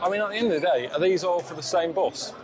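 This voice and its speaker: A man giving deadpan, complaining travel commentary, sounding weary and self-deprecating. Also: high-pitched, quick pace, a loud crowd, low-quality recording. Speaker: travel show subject.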